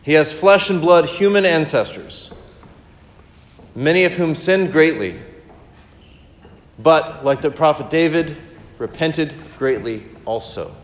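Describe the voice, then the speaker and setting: A man preaching a sermon. He reads a passage as a rhythmic string of rhetorical questions, then comments on it more quietly. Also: on the high side, takes it slowly, long pauses, big-room sound.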